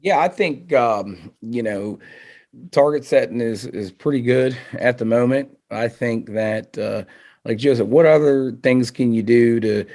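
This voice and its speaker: A man, a target setter, telling a story in a relaxed, animated way and acting out quotes. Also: medium pitch, a little slow. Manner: animated, acts out quotes with laughs. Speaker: target setter, podcast guest. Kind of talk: casual storytelling.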